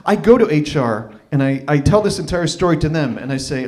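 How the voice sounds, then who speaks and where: A man in his thirties telling a personal story at an open mic, animated and acting out what other people said. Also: fairly high pitch, a little fast, hardly any pauses. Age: 30s. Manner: animated, acts out quoted voices. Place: live open mic venue.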